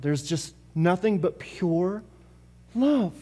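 A male pastor preaching a sermon with passion, repeating phrases and swinging from loud bursts to hushed lines. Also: sits high, lively intonation, brisk, big-room sound. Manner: impassioned preaching with repetition and sudden swings between loud and hushed. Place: church service.

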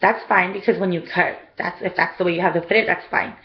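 A woman's voice: lowish voice, fairly even intonation, fast talker, muffled recording. A young woman casually telling a rambling story for her vlog, full of "like" and "um". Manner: chatty, rambling, lots of "like" and "um". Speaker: vlogger.

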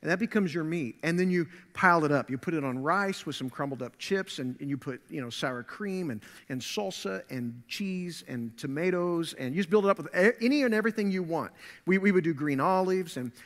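A man preaching a sermon as pastor, telling a family story in a relaxed, conversational way with frequent fillers. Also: on the high side, a little fast, big-room sound. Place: church sanctuary.

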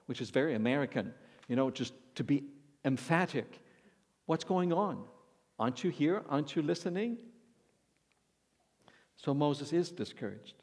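A man's voice: medium pitch, darkish tone. A man preaching a sermon, reading scripture aloud and then explaining it verse by verse. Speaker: Bible teacher preaching. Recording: long reverb of a large hall.

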